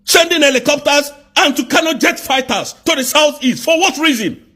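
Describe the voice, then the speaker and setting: Angry high-voiced Nigerian man ranting. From southeast Nigeria. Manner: angry, accusatory, rapid rhetorical questions, bursts of shouting. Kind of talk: angry live political rant.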